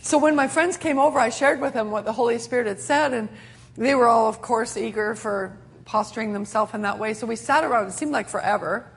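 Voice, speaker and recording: A woman's voice: a little high, a little fast, gravelly. A middle-aged woman preacher telling a sermon testimony in an earnest storytelling way, with many restarts.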